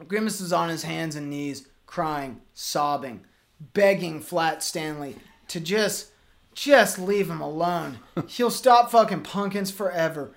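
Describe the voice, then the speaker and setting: A man's voice: a little high, slow, creaky. Man rambling a profane absurd tale. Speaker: podcast co-host. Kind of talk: improvised comedic storytelling.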